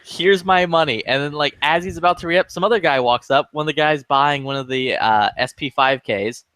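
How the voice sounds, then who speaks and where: A man's voice: fairly high pitch, brisk, clear, resonant tone, no room sound. Guy ranting thru a funny story, cussing a lot, acts out other people, dead dry sound. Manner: profane, animated anecdote with quoted voices. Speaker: lobby chat regular. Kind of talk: casual storytelling chat.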